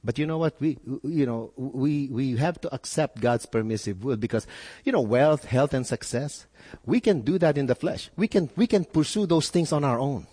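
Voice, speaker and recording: Animated male preacher in a reverberant hall. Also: mid-range voice, moderate pace, husky. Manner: animated preaching with sudden rises and repeated words. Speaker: pastor. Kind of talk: sermon.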